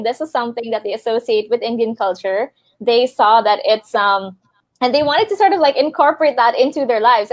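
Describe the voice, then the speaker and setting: A woman raised in the Philippines recalls something in a casual panel talk. Her voice sits a little high. She speaks thoughtfully, with fillers, in a dry recording with no room echo. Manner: thoughtful, unhurried storytelling with fillers.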